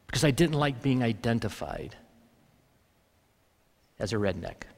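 A man's voice: medium pitch, in a large hall. A man preaching a sermon in an easy, conversational way, with bursts of emphasis. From Alabama, US South. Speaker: pastor.

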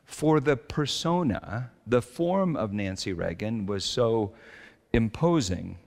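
A man's voice: mid-range voice, lively intonation, takes it slowly, vocal fry, darkish tone, big-room sound. An older man, a pastor, giving a conversational sermon with stories, fillers and restarts.

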